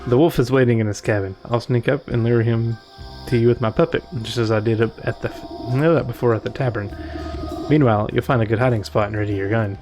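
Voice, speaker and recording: A man's voice: medium pitch, steady tone, fast talker, a little mellow, soft background music, lightly acted. A man reading the lines of a stern, commanding witch in a firm, bossy way.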